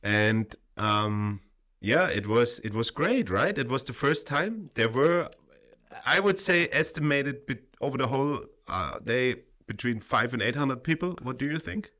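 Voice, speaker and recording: A man's voice: medium pitch, expressive, a little slow, pushed and bright. A tired young man who speaks natively, hosting a casual livestream chat in English and rambling loosely with fillers. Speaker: stream host.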